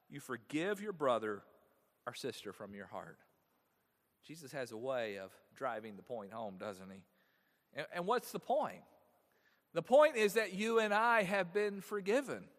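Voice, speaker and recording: A man in a slightly higher register preaches a Sunday sermon in a church sanctuary. His voice swings from loud, stressed phrases down to quiet endings. A long reverb trails each phrase. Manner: animated preaching with wide swings in loudness. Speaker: pastor.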